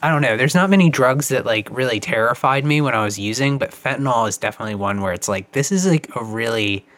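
A man hosting a casual podcast chat, talking in a halting, profane way with many restarts. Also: medium pitch, animated, fairly bright tone, no echo.

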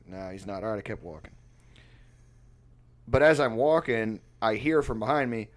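A man's voice: on the low side, normal speed, pauses often. Rambling profane man telling a story. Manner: rambling, profane, laughing often. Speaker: musician. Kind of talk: casual storytelling chat.

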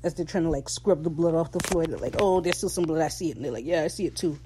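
A woman hosting a casual recap, excitable and gushing, swearing freely and switching into quick quoted voices. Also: low voice, background noise. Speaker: podcast host recapping a TV episode.

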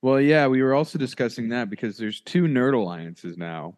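A man's voice: mid-range voice, expressive, moderate pace, a little mellow. A man hosting a casual podcast chat, playful and bantering with his co-host.

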